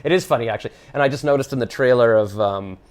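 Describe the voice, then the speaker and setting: A man's voice: medium pitch, fast, darkish tone. A man in his fifties hosting a casual chat, rambling and trailing off with lots of fillers. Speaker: host.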